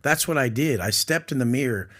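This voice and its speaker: A man's voice: medium pitch, animated, fairly quick, a bit bright, slight background noise. A man talking bluntly and profanely as a guest on a podcast. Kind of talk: casual podcast chat.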